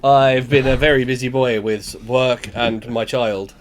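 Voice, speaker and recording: A man co-hosting a podcast, chatting casually with animated, jokey banter. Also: medium pitch, a little slow, a little hiss or hum. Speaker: podcast co-host. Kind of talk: casual chat.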